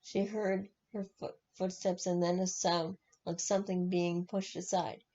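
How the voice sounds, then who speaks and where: A woman's voice: fairly low pitch, little pitch movement, measured pace, warm tone. A woman reading a novel aloud, often slipping and correcting herself, on a dull lo-fi recording. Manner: frequent slips and self-corrections. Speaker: reader.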